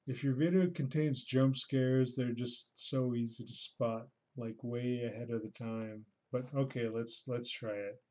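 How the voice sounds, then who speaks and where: A livestreamer reacts casually to a scare video he's watching, offering dry, unimpressed, mocking commentary. His medium-pitched voice stays fairly even, at a measured pace with few pauses.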